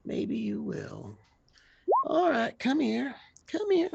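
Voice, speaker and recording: A man's voice: very high-pitched, wildly swooping pitch, takes it slowly, vocal fry, lo-fi sound, noisy background, pitched above the performer's own voice, heavily acted. A man voicing a tired, motherly old woman healer in a tabletop game, coaxing and stern.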